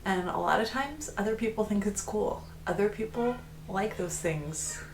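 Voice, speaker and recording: Speaking at medium pitch and a normal pace, a middle-aged woman chats frankly in her vlog, rambling, restarting phrases, and laughing a lot. The audio sounds roomy, with faint background noise.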